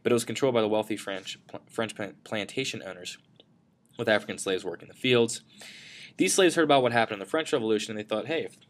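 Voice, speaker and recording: A male teacher rattles through a history lecture at a quick clip. His voice sits a little low, and he talks casually, correcting himself often and dropping in fillers as he points at slides. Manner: brisk, casual, frequent self-corrections and fillers.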